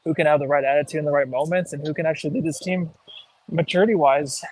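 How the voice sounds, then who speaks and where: A man's voice: a little high, fast, a little mellow, poor audio. A man co-hosting a casual sports podcast, out of breath, easygoing and chatty. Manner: easygoing, chatty, uses "like" and "dude". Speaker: podcast co-host. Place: outdoors, walking.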